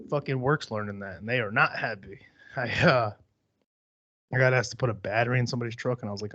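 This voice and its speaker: A young man talks casually into a podcast mic, rambling and blunt, with plenty of swearing and stray fillers. His voice sits at a middling pitch. The sound is dry and a little dull. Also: fast, fairly bright tone, dry recording. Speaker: podcast host.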